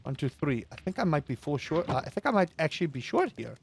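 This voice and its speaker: A man's voice: on the high side, animated, a little fast, hardly any pauses, a bit bright, slight background noise. A man giving playful, chatty let's-play commentary with jokey wordplay. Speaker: gaming host.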